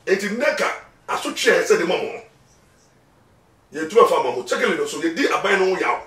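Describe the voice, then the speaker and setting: A man's voice: sits high, sing-song, moderate pace, a bit bright. A man with a Ghanaian accent, a lawyer talking emphatically in an interview, repeating words as he goes. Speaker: lawyer guest. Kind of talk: animated interview talk mixing Twi and English. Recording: echoey room, mic at a distance.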